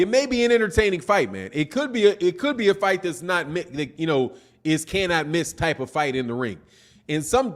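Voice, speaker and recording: A man hosting a live boxing stream, chatting casually and reading out viewer comments in a loose, rambling way that keeps circling back to "man.". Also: fairly high pitch. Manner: laid-back, rambling, peppers talk with "man".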